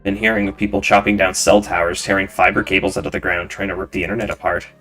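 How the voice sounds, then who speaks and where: A man reading game lines for a gentle woman friend who tends a bar, in a soft, sympathetic way close to his own voice. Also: sits low, quick pace, faint music behind.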